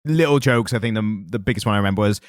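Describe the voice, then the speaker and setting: A man's voice: fairly low pitch, rapid-fire, no room sound, clean studio sound. A man co-hosting a podcast in casual, jokey chat. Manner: animated, jokey, puts on silly voices. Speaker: podcast co-host.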